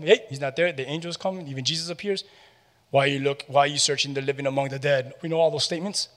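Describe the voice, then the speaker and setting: Animated preaching man in a reverberant hall. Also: fairly high pitch. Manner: animated preaching with call-and-response questions to the congregation. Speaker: pastor. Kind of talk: sermon.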